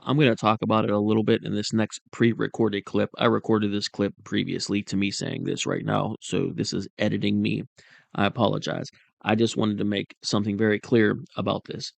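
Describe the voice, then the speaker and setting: A man's voice: lowish voice, gravelly, dry recording. A man hosting casual political commentary, rambling and insistent in a conspiratorial tone.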